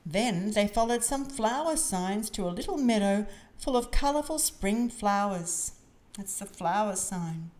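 A woman's voice: mid-range voice, unhurried. A woman reading a picture book aloud to children. Her voice sings up and down expressively as she tells the story. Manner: expressive, sing-song reading.

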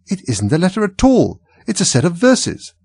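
A man doing a shrill nervous white rabbit. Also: wildly swooping pitch, creaky, a little mellow, breathy edge, no room sound, exaggerated voice. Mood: fussy. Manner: shrill, hurried.

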